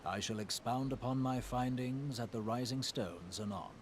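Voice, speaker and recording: A man's voice: mid-range voice, normal speed, close to an everyday voice. Guy voicing a solemn game sage, old-timey formal speech, noisy audio. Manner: formal, archaic phrasing. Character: scholarly male sage in archaic speech.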